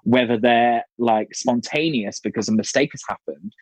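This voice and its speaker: A man's voice: medium pitch, moderate pace, a little mellow, no room sound, low-quality recording. A man, a drag performer, chatting casually on a panel and laughing through his stage stories.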